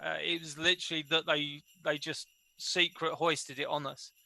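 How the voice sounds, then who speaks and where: Male co-host, very bright gravelly tone, flat delivery, dry sound. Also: a little high, dry recording. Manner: halting, full of restarts. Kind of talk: casual livestream chat.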